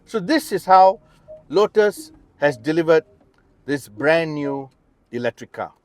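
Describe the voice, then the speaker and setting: A man's voice: fairly high pitch, expressive, a little slow, darkish tone, dry recording. Middle-aged Malaysian English male, car reviewer, casual and upbeat, fillers and restarts, dry in-car sound. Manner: chatty, enthusiastic, with frequent fillers and restarts. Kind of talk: casual test-drive review. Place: inside a car.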